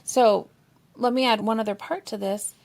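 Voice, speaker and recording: A woman's voice: fairly high pitch, normal speed, creaky. A woman therapist, a guest on a podcast, explaining expressively and sometimes acting out what partners think. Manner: expressive, explanatory, acts out partners' inner voices. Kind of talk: conversational podcast discussion.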